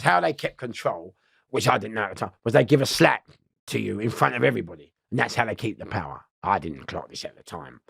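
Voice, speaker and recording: A man tells prison stories as an interview guest. He is loud and rambling, and laughs often. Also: medium pitch, expressive, a little fast, creaky, breathy edge, dry recording. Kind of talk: storytelling in a podcast interview.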